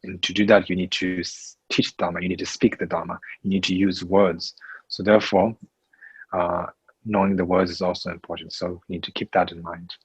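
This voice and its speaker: A man teaching a Buddhist class in English, speaking slowly and haltingly with many fillers and restarts. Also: sits low, little pitch movement, husky, no room sound, rough recording.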